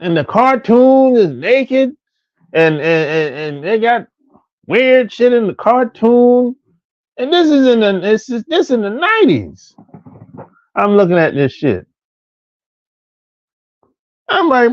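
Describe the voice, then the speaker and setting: A man rants in a casual, profane, repetitive way, his fairly high voice swooping across an extremely wide range. The recording sounds dull and lo-fi, dry with no room echo. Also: very animated, slow, pauses often. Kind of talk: casual rant.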